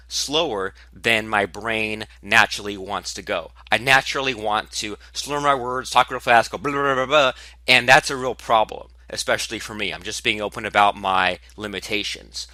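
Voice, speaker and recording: A man hosting his own podcast, talking candidly and with animated emphasis about his own speaking habits. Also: on the low side, normal speed, hardly any pauses, dry recording. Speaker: podcast host. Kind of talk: solo podcast monologue.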